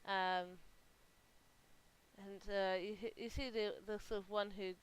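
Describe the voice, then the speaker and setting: A woman narrating as game master of a tabletop role-playing game, talking in a hesitant way with frequent pauses and restarts. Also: medium pitch, little pitch movement, clean tone, poor audio. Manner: hesitant, lots of ums and restarts.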